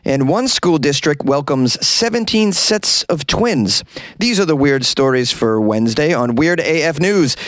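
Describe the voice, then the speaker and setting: Raspy man riffing on weird news. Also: a little high, lively intonation, measured pace, a bit bright, no room sound. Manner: wry, incredulous, joking asides. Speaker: comedian podcast host. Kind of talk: comedic news commentary. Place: small closet. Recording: dry closet recording.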